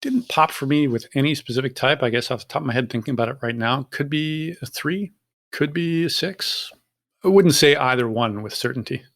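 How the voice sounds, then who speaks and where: A man's voice: mid-range voice, fairly quick, fairly bright tone. A man with a mid-range voice talks through his views on a podcast. He speaks fluently and reflectively, in a casual tone. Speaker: podcast co-host. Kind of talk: casual discussion.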